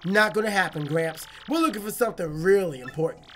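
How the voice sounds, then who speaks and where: A woman doing casual, jokey commentary while playing a video game, rambling and excitable. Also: fairly low pitch, quick pace, soft background music. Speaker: let's play host.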